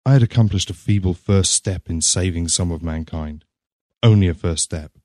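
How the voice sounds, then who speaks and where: A man reading a story aloud in a measured, grave narrating manner. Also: deep voice, darkish tone, no echo, studio quality.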